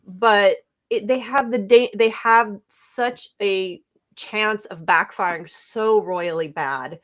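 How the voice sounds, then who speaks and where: A woman's voice: medium pitch, slow, a bit bright. A woman co-hosting a casual podcast, giving her rambling, self-correcting opinions on a comedy movie. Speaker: podcast co-host. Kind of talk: casual chat.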